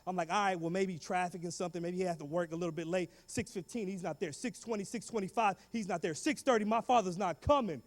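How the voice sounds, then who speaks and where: A man with a notably high voice gives a motivational talk to students, animated and full of street slang. He acts out other people's voices as he tells his story. The sound rings with the long echo of a big hall. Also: quick pace, few pauses. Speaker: guest speaker.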